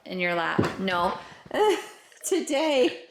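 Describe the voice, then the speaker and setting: A woman's voice: mid-range voice, very animated, extremely slow. A mother from Florida chatting casually to camera in a family vlog, giggly and easygoing. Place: at home and in a car. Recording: noticeable background noise.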